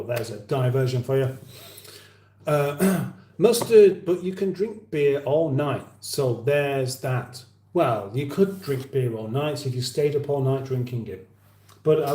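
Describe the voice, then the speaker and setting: A man's voice: medium pitch, dark tone. A man hosting a casual livestream chat, rambling with dry humour as he reads viewer comments. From England. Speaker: livestream host. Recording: roomy echo.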